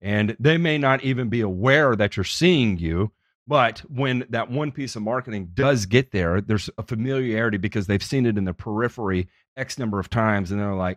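A man hosting a podcast, telling stories in a casual, profane and animated way. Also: lowish voice, normal speed, no room sound, clean studio sound.

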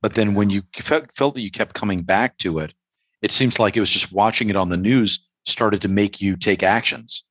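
A man's voice: on the low side, moderate pace, fairly bright tone, no echo. A man interviewing a guest, musing aloud in long, loose, speculative questions. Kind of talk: casual interview talk.

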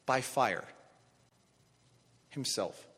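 A man preaching a sermon, animated, acting out voices of biblical figures. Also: medium pitch, extremely slow, breathy edge, big-room sound. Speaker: pastor.

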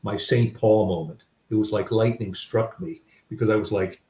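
An older man, a guest author, shares personal stories reflectively and conversationally, with lots of fillers. His voice is fairly low, mellow, and fairly even, at a moderate pace. The recording sounds roomy, with a distant mic.

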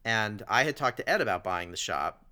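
A man's voice: on the low side, animated, moderate pace, sharp tone. A man telling a long story in casual chat, rambling along with fillers and restarts.

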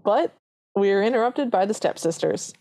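With a mid-range voice at normal speed, this podcast co-host walks through a movie's plot in a casual, animated way. As she retells the scenes, she acts out the characters' lines, slightly shifting her voice to quote them.

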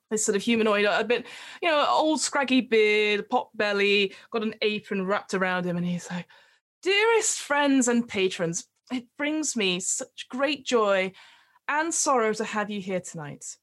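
A woman's voice: medium pitch, fairly bright tone. A woman running a tabletop game as game master, with chatty, giggly narration full of fillers.

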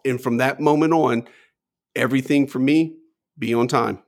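A middle-aged man telling a story in casual chat, acting out the people he quotes with big jumps in pitch. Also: normal speed. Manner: animated, acts out quotes with lively pitch jumps. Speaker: guest storyteller.

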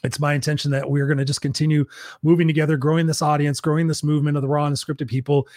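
An upbeat male host closes out his live show, thanking viewers one by one in a slightly raised voice. He sounds a little hoarse, as if his voice is going. The sound is dry and close, with no room around it. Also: on the high side, level tone, fast, darkish tone, dry recording. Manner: upbeat, effusive, reads out viewer comments. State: losing his voice. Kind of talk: live-stream show wrap-up.

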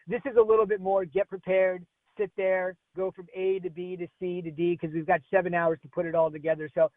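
A man from New Jersey, a sports broadcaster calling in as a guest on a radio interview, talking with energy in quick rapid-fire lists. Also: high-pitched, flat delivery, dry recording. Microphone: phone line. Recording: tinny phone line.

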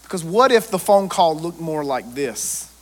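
A man, a pastor preaching a lively sermon and joking with his congregation. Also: on the high side, normal speed.

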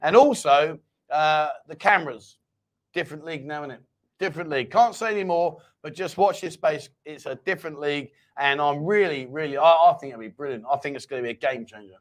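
A man's voice: fairly high pitch, brisk. A man hosting a casual live-stream chat show, teasing his co-host and reading viewer comments aloud.

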